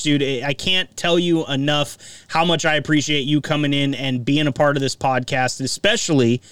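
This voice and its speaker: Man host, casual rambling talk, smooth clear tone, sitting back from a dry mic. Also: fairly high pitch, fairly bright tone, no room sound, far from the mic. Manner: rambling, self-deprecating. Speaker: podcast host. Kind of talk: casual chat. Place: Eugene, Oregon.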